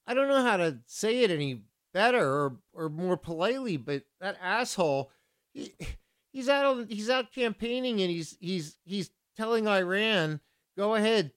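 A man hosting a community radio show, chatting casually between songs and ranting, loose and profane, repeating himself when riled up. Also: a little high. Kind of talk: casual radio DJ chat and rant.

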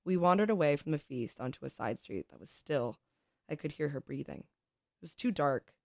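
A woman hosts a show, expressively reading a story and poems aloud and chatting casually between them, laughing easily. Her voice is low and creaky at normal speed, captured in studio quality with no echo.

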